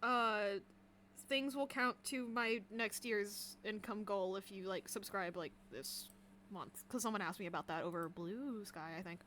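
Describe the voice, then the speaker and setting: A woman's voice: medium pitch, unhurried, a bit bright, a little hiss or hum. A woman streamer hosting a casual chat, giggly and talkative. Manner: giggly, chatty. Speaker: streamer, host.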